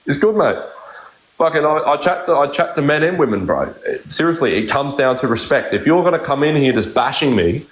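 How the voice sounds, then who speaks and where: A man's voice: a little high, lively intonation, brisk. Blunt swearing man in echoey room. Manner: blunt, swears constantly, repeats himself. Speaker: live stream host. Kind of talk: heated casual chat.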